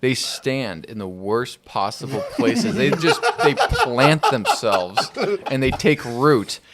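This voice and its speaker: A married man co-hosting a casual podcast, telling a story in an easygoing, drawn-out way. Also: medium pitch, wildly swooping pitch, over a noisy crowd. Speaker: podcast co-host. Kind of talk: casual banter.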